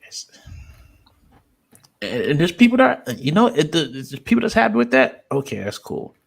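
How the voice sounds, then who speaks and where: Man, podcast co-host, gravelly voice, lively pitch, rambling, swears a lot. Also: moderate pace. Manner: rambling, apologetic, swears freely. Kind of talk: casual chat.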